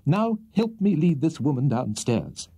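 Casting: genial, fussy old gent who exclaims a lot, lively high voice, put on by a male narrator. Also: measured pace, slightly rough, exaggerated voice. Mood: exasperated. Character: kindly, flustered elderly gentleman.

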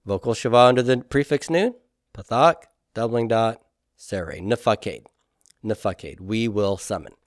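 A male teacher lecturing to a class at a board, asking questions and sounding out forms syllable by syllable. His voice sits at an ordinary middle pitch. The room sound is dry and close. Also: lively intonation, dry recording. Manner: patient, quizzing students with questions and repeating forms slowly. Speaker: Hebrew grammar teacher.

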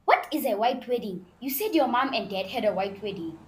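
A woman voicing an excitable, curious dog friend with a playful manner. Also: a little high, brisk, lightly acted. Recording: roomy sound with faint noise.

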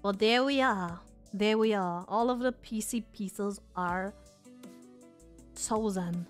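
A woman streamer chatting casually with her viewers, excitable and swearing freely. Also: medium pitch, takes it slowly, faint music behind.

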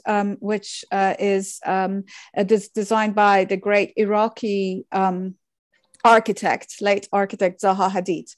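A woman giving an academic lecture over slides, measured and thoughtful, with frequent fillers and self-corrections. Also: medium pitch, no room sound. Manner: measured, many fillers and restarts.

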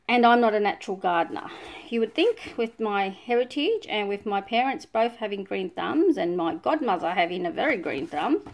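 A woman with an Australian accent, chatting casually as she unboxes scrapbooking supplies, full of delighted exclamations. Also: medium pitch. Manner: gushing, breathy exclamations of delight. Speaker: scrapbooking vlogger.

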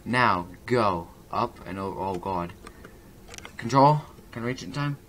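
A man with a somewhat low voice talks through a video game as he plays. His commentary rambles, then jumps into excitable reactions. Faint ambient noise sits under his voice. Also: unhurried. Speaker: gaming channel host. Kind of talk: let's play commentary. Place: at a home computer.

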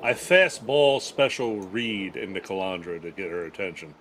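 A man playing a tabletop game, joking around with animated delivery. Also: deep voice, moderate pace, a little hiss or hum. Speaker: player.

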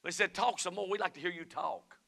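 Southern preacher, bright ringing voice. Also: male voice, sits high, fairly quick, gravelly. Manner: swings between shouted fervent preaching and quiet storytelling. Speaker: pastor. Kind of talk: sermon. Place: church sanctuary.

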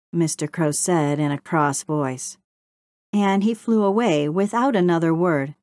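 A woman narrating a children's storybook in a steady, gentle read-aloud manner. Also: on the low side, a little slow, no room sound, studio quality. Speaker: audiobook narrator.

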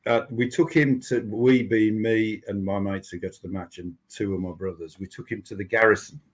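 An older man with a husky, slightly low voice tells stories in a relaxed podcast chat. He rambles, doubles back on his words and restarts sentences as he remembers. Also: moderate pace, poor audio. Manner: rambling storytelling with many restarts. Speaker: TV writer and show creator, guest. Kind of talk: casual podcast interview.

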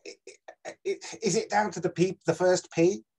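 A man's voice: sits high, steady tone, moderate pace, gravelly, a little mellow, slightly rough. A man hosting a casual interview, hesitant and searching for his words. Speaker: host.

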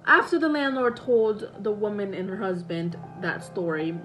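A young woman tells a story in a loose, rambling way, often stopping to correct herself, in a voice of ordinary middle pitch. Faint music plays quietly behind her. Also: expressive, normal speed, poor audio. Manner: rambling, self-correcting retelling with many fillers. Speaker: vlogger. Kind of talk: casual storytime.

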